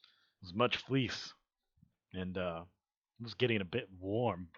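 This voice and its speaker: A man's voice: low voice, slow, fairly bright tone, dry recording. Man, streamer, casual chat, jokey, basement, muffled lo-fi sound. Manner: jokey, tries out silly British voices. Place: basement room. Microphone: headphones on, desk mic.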